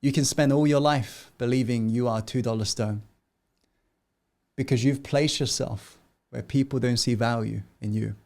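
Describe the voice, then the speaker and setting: A man as a gentle, wise father. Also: medium pitch, close to an everyday voice. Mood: tender. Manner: gentle, slow and earnest.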